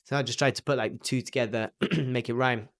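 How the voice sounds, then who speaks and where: A man's voice: mid-range voice, fairly even intonation, fairly quick, fairly bright tone. A young man with an English accent rehearsing a stand-up routine, telling stories in a rambling way with lots of fillers. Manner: rambling, filler-heavy storytelling. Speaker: aspiring comedian and rapper.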